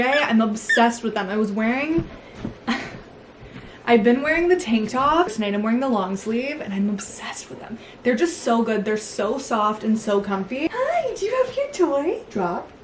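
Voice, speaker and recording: A woman's voice: fairly high pitch, moderate pace, distant mic, background noise. Chatty young woman vlogging at home. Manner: chatty, upbeat, swears casually. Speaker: lifestyle vlogger. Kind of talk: casual vlog chat. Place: home, indoors. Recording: roomy home echo.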